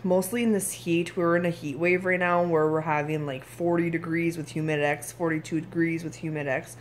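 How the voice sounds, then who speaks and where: A woman's voice: low-pitched, flat delivery, normal speed, slight background noise. Candid, tired Canadian woman vlogging. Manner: candid, frank, occasionally swears. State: tired and irritable. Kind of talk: casual video diary.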